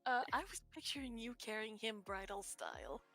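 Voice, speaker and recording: A woman's voice: a little high, normal speed, fairly bright tone, soft background music. A woman playing a tabletop role-playing game, chatting and describing what her character does. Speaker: player. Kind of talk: tabletop role-play, casual chat.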